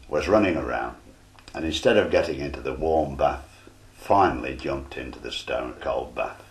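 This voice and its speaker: An older man, a retired footballer, telling stories from his playing days in a formal storytelling manner. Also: rumbling low. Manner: formal storytelling with quoted dialogue. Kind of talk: reminiscing oral history. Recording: roomy interview recording.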